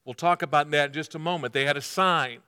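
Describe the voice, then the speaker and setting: A male pastor with a bright, forceful voice delivers a sermon, stopping often to have listeners underline words and tossing out questions he answers himself. His tone is smooth and resonant, a touch above the usual male pitch, and the sound rings with the long reverb of a large hall. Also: fast. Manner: interactive, asks the congregation to mark their notes; poses quiz questions and answers them himself.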